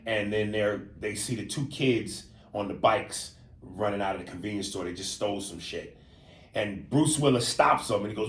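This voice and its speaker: Man, podcast co-host, animated, profane, loves mimicking accents, roomy echoey sound. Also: lowish voice, normal speed. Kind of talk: casual podcast banter.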